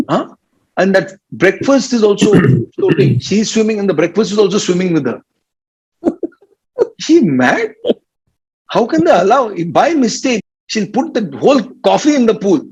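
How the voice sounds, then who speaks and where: A man's voice: high-pitched, big pitch swings, a little slow, long pauses, a little mellow, breathy edge. A man with an Indian English accent giving an informal spiritual talk as a guru, playful and teasing, often laughing and mimicking people, in a dull lo-fi recording. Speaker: spiritual teacher.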